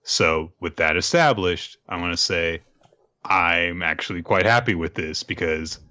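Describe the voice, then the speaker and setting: A man co-hosting a podcast, giving relaxed commentary with chuckles. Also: sits low, a little slow, no room sound, lo-fi sound. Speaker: podcast co-host. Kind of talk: casual manga discussion.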